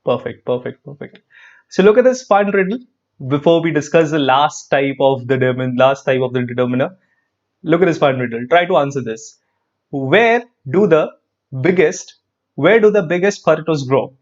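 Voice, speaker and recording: A man with an Indian English accent teaching an online grammar class, lively and repetitive, quizzing his students as he goes. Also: fairly high pitch, moderate pace, highs cut off. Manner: lively, repeats phrases, quizzes students, frequent "perfect".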